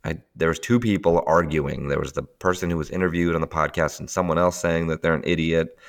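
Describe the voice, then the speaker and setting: A man's voice: very deep voice, fairly quick. A man casually explaining emotional tapping in conversation, often laughing and acting out what people think to themselves. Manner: animated, laughs often, acts out inner voices. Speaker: tapping teacher, podcast guest.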